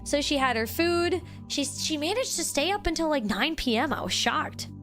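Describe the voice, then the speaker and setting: A young woman streamer telling a story to her chat in a casual, animated way, restarting sentences often. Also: high-pitched, normal speed, faint music behind. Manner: animated, excitable, lots of restarts and "like".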